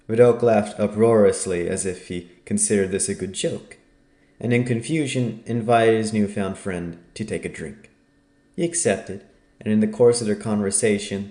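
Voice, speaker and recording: A man narrating an audiobook in a measured storytelling manner. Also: on the low side, warm tone, echoey room. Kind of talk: scripted narration.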